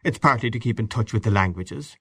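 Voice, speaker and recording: An awkward, defensive college teacher, read by a man in his own low voice, answers with hesitant, uneasy replies. The sound is dry and close, in a storybook reading. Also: fairly quick, fairly bright tone, husky, dry recording.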